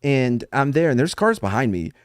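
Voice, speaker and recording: Animated joking man on a podcast. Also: mid-range voice, normal speed, clean tone, no room sound, clean studio sound. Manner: joking, laughs often, animated storytelling. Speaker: podcast co-host. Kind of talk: casual chat.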